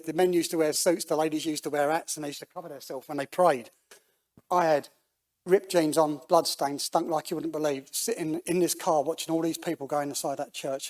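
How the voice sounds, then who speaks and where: A middle-aged man telling his life story in church, animated, with many restarts, acting out the voices he quotes. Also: on the high side. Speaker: guest speaker giving testimony.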